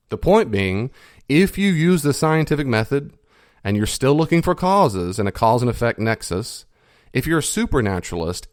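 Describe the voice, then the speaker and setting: Man with a low, dry voice, lecturing emphatically. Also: no room sound. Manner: emphatic, repeats key phrases, stretches stressed words slowly; lively swings in pitch for emphasis. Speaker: podcast host. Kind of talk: explanatory podcast lecture.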